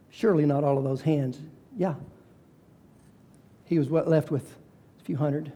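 A man preaching a sermon who retells a story dramatically and shifts between quick asides and slow, hushed lines. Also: a little high, fairly even intonation. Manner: dramatic storytelling, varies pace and volume.

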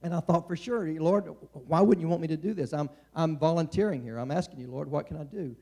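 A man's voice: fairly high pitch, brisk, dark tone. A middle-aged man preaching a sermon in a conversational way, often restarting and stammering.

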